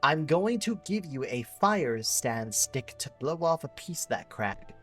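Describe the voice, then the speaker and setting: A man reading a wary village woman's quest lines aloud in his own voice, flat and slightly stumbling. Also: fairly high pitch, measured pace, faint music behind, exaggerated voice.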